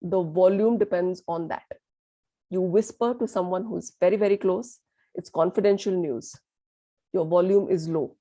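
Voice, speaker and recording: The voice is a woman's, medium-pitched and dark in tone, at normal speed. She's a trainer running a communication workshop, repeating words for emphasis, posing questions to the group, and mixing in some Hindi.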